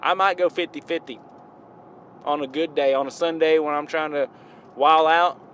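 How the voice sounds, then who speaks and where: A man with a Southern US drawl talks in a loose, rambling way, circling back and correcting himself. His voice sits a little high for a man. Faint street and vehicle noise hums in the background. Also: steady tone, moderate pace, a bit bright. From American South. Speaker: hip-hop reviewer. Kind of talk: casual rambling monologue.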